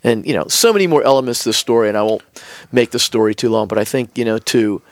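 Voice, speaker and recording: Gravelly-voiced man telling a story. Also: medium pitch, quick pace, dry recording. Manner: animated storyteller acting out quoted dialogue. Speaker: podcast guest, business executive. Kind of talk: storytelling in casual interview.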